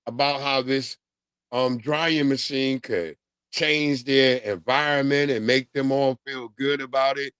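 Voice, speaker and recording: A middle-aged man hosting a casual livestream, ranting in a loose, profane, animated way and laughing often. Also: medium pitch, no echo. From New York. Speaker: livestream host.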